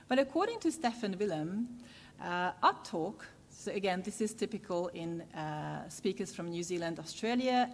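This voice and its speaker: A woman's voice: fairly low pitch, slight background noise. Woman lecturing in a reverberant hall. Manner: measured, with frequent "uh" pauses. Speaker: university lecturer. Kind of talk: academic lecture.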